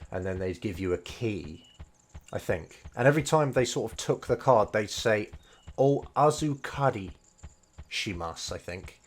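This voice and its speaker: Casting: man, lowish voice, chatty streamer-teacher, hesitant and rambling, faint noise behind. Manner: rambling, hesitant, many fillers and restarts. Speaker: Japanese learner and game streamer. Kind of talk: casual explanatory commentary.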